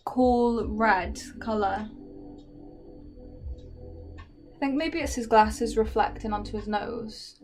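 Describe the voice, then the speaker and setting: A woman's voice: fairly high pitch, slow, pauses often, a little mellow, soft background music. A woman chatting casually with viewers while she paints, self-deprecating and trailing off into ums. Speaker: streamer painting live.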